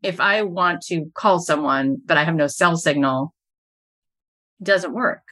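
A woman's voice: low voice, unhurried, a bit bright. A middle-aged woman, a podcast host and business coach, telling stories as a guest in an interview and building each anecdote to its punchline.

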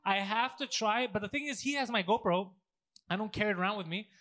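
A man in a casual podcast chat, telling crude, animated stories and acting out the people in them. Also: high-pitched, quick pace.

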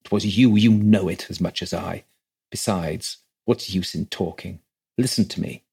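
A man's voice: low-pitched, moderate pace, creaky, a little mellow, husky, full character voice. A man voicing a stern, scheming older mother who speaks in an urgent, commanding way.

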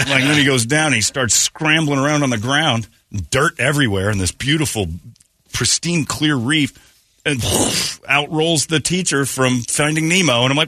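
A man hosting a morning radio show, telling jokey stories with loud put-on impressions. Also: mid-range voice, normal speed, dry recording, studio quality. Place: radio studio.

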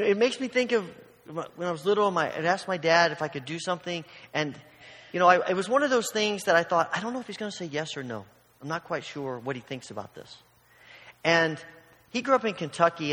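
Brief: male pastor, slightly high voice, conversational sermon, acts out little scenes, long hall reverb. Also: fairly bright tone. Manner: storytelling with acted-out voices, conversational.

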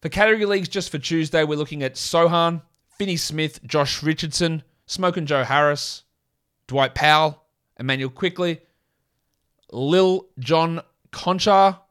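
A man with an Australian accent hosting a solo fantasy basketball podcast, rattling off player lists and quickly correcting himself. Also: on the high side, a bit bright, smooth. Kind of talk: casual solo podcast talk.

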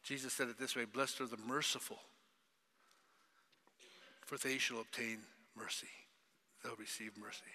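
A man preaching a sermon, dramatic, swinging between loud cries and hushed whispers. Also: medium pitch, fairly even intonation, a little slow, long pauses. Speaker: pastor. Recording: long reverb of a large hall.

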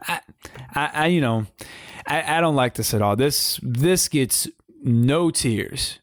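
A man co-hosting a casual wrestling talk show. He speaks in an animated, slangy way and often repeats his words. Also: medium pitch, slow pace, dry recording, studio quality. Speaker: wrestling podcast co-host. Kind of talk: casual commentary chat.

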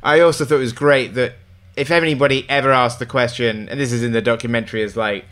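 A man's voice: medium pitch, steady tone, quick pace, a bit bright. A man interviewing a band, asking enthusiastic, chatty questions. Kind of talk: casual interview.

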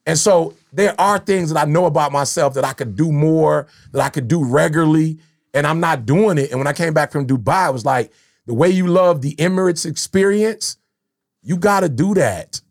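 High, gravelly-voiced storytelling man. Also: normal speed. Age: middle-aged. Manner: animated, slangy storytelling. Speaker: podcast host. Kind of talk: casual chat.

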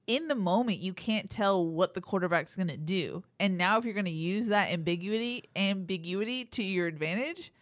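A woman's voice: medium pitch, no echo. A woman co-hosting a podcast in casual banter, laughing often and teasing her co-hosts. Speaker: podcast co-host.

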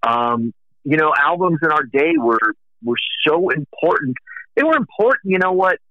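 A man's voice: a little high, lively intonation, moderate pace, no room sound. A middle-aged man in casual conversation about the music business, telling long rambling anecdotes. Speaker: music industry guest. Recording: dull dry lo-fi recording.

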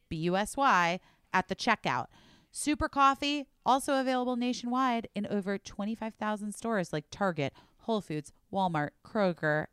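A bubbly, chatty woman hosting a podcast and reading ads with plenty of enthusiasm. Her voice is smooth and clear, recorded close and dry. At times she drops down low and quiet to make a point land. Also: dry recording. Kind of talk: casual chat ad read.

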